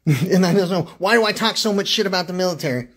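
This livestreaming man has a high-pitched, slightly bright voice. His rant is agitated and profane, packed with repeated questions and stumbled words, and he often breaks into laughter in the middle of it.

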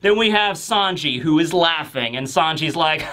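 A man's voice: on the high side, animated, moderate pace, few pauses, pushed and bright. A man hosting a manga review who talks in an emphatic, insistent, joking way. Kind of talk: casual commentary video.

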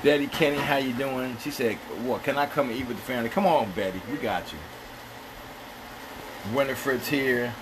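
A Jamaican-accented man chats through a live stream from a home kitchen, greeting viewers and reading their comments with an easy, teasing warmth. His voice sits in a middling register. The recording carries a steady layer of noise behind him. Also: medium pitch, moderate pace. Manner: chatty and playful, greets viewers by name. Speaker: livestream host.

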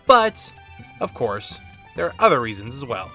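A playful, chatty man commenting casually on a video game. His pitch moves freely, and faint music plays underneath. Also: big pitch swings, normal speed, bright, forceful tone. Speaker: let's play host.

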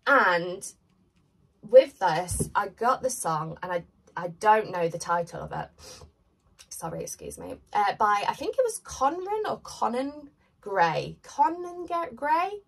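A woman's voice: medium pitch, big pitch swings, measured pace, vocal fry, breathy edge, recorded from a distance, low-quality recording. A woman giving a chatty, rambling pick-a-card tarot reading while congested with a cold. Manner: chatty, rambling, filler-heavy. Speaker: tarot reader.

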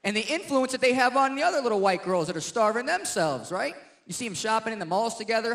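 A man's voice: extremely high pitch, animated, quick pace, hardly any pauses, a bit bright. A man doing a stand-up comedy routine in a brash, punchy manner, teasing the crowd.

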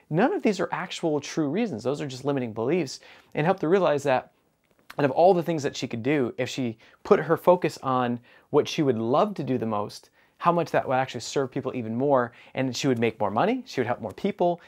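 A man's voice: on the high side, animated, fairly quick. A man who is a business coach, telling a client story with energy and acting out bits of quoted dialogue. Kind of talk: storytelling monologue.

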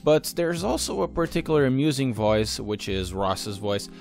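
A man reads a prepared software review at a mid-range pitch, walking through features in a steady, explanatory way. Quiet music runs softly underneath his voice. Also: normal speed, vocal fry. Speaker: sim racing channel host. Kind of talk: scripted software review voice-over.

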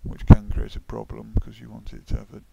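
A man with a Midlands accent from the UK, talking through a digital painting as he works, relaxed and thinking aloud, often dropping to a mutter. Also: lowish voice, fast talker, vocal fry, lo-fi sound, heavy background noise. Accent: English Midlands. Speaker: digital artist. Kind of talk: casual painting tutorial voice-over.

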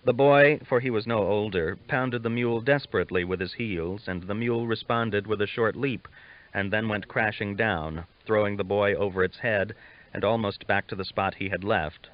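A man reading a novel aloud as an audiobook narrator, steady and measured, on a dull lo-fi recording. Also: fairly low pitch. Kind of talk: scripted narration.

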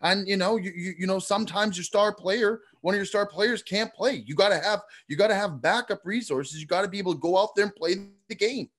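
Male podcast co-host, argumentative, high-pitched, sports-talk rhetoric. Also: brisk, few pauses, fairly bright tone. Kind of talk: casual podcast banter.

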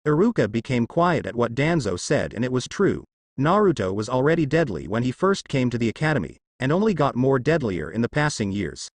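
Male narrator for a fan fiction reading, expressive delivery, lively pitch, dry close sound. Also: brisk, no room sound.

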